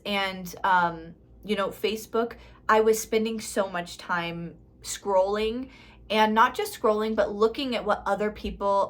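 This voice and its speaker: A woman's voice: medium pitch, a bit bright. A woman in her thirties, a spiritual life coach, talking straight to her viewers in a casual motivational vlog, emphatic and dramatic and often laughing at herself.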